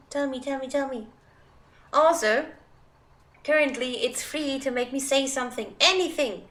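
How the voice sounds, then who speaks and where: Thirtyish woman streamer rambling away, kinda high and bright, pokes fun at herself. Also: takes it slowly, long pauses. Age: 30s. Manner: rambling, self-deprecating, chatty. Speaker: game streamer. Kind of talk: casual livestream chat.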